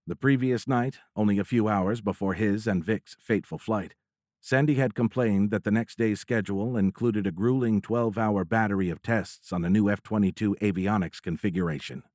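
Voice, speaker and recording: A man narrating a military science fiction audiobook in a steady, measured storytelling voice. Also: on the low side, no room sound, clean studio sound.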